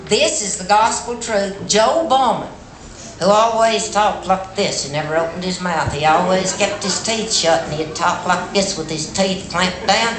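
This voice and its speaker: A woman's voice: mid-range voice, measured pace. Folksy Appalachian woman telling a story. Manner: folksy, animated, plainspoken. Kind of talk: live storytelling performance. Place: festival stage with audience. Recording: echoey hall with background noise.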